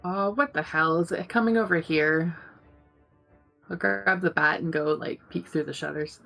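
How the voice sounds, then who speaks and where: A woman's voice: fairly low pitch, normal speed, vocal fry, fairly bright tone, faint music behind. A woman playing a tabletop game, casually describing what her character does. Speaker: player.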